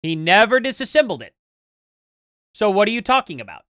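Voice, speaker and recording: Combative streamer demanding proof, lively pitch. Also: fairly quick, no room sound, clean studio sound. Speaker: livestream host reacting to clips. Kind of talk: live reaction commentary.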